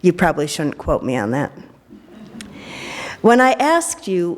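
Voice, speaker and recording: A woman's voice: lowish voice, sing-song, measured pace. A middle-aged woman minister giving a sermon during worship, with a playful manner and joking asides. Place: church sanctuary during worship. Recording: long reverb of a large hall.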